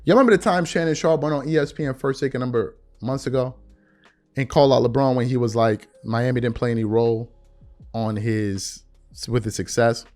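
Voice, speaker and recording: A man's voice: medium pitch, steady tone, a little fast, darkish tone, faint music behind. A man hosting a sports podcast, giving an opinionated rant full of repeated rhetorical questions.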